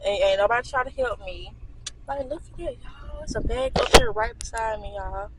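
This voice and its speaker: A woman's voice: fairly high pitch, sing-song, normal speed, gravelly. A young woman vlogger chatting casually to her viewers, calling them "y'all" over and over. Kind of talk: casual chat to camera. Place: inside a car. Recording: loud car and road noise.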